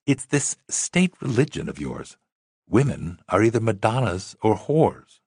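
A man reading a dry-witted, self-assured young woman in a story, teasing and unhurried. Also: fairly low pitch, big pitch swings, darkish tone, slightly rough, dry recording, pitched above the performer's own voice, heavily acted.

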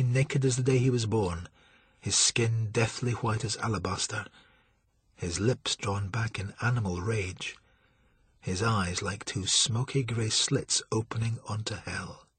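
A man narrating an audiobook in a steady, dramatic storytelling manner, with a husky voice. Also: medium pitch, dry recording.

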